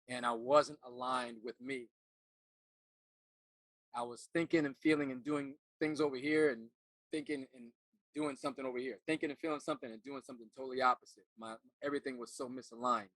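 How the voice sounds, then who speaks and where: A middle-aged man, an actor turned life coach, telling a personal story in an earnest, halting way and often repeating words as he remembers. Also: mid-range voice, fairly even intonation, a bit bright, no echo.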